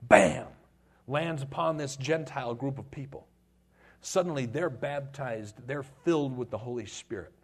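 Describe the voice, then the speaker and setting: A middle-aged man preaching a sermon as pastor, retelling a story in a lively way and acting out the voices. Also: medium pitch, normal speed.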